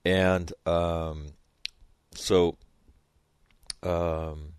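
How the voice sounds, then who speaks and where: Very deep-voiced man rambling casually. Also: little pitch movement, drawn-out words, smooth, dry recording. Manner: rambling, lots of fillers and restarts, laughs at own stories. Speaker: podcast host. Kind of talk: casual storytelling monologue.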